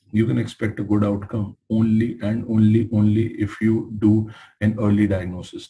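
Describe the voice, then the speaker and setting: Low, mellow Indian English lecturer. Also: male voice, slight background noise, low-quality recording. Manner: animated storytelling, emphatic and exasperated. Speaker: medical lecturer. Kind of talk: lecture with acted patient dialogues.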